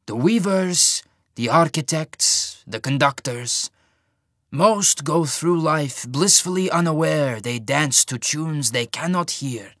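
Old rotund mage lord, genial but sinister, unhurried delivery, played by a man narrator. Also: on the high side, expressive, dry recording, clean studio sound, voice pushed up, full character voice. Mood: genially menacing. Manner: slow, measured, softly menacing.

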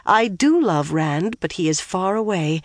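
A woman's voice: lowish voice, expressive, measured pace, no echo, studio quality. A reader doing a young noblewoman, firm yet unsure. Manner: firm, then hesitant.

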